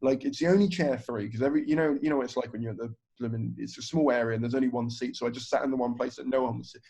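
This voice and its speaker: A man's voice: mid-range voice, fairly even intonation, very fast, creaky, a little mellow, breathy edge. A man, a stand-up comedian telling a story on a podcast, swearing freely and acting out other people's lines. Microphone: video call. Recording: dull, lo-fi video call audio.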